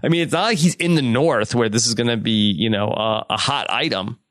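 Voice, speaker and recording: A man's voice: medium pitch, fairly bright tone, no echo, studio quality. A man co-hosting a podcast, chatting casually and wryly as he recaps a TV episode, slipping into short quoted lines from the scenes. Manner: chatty, wry, paraphrases scenes in quick quoted bits. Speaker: podcast co-host.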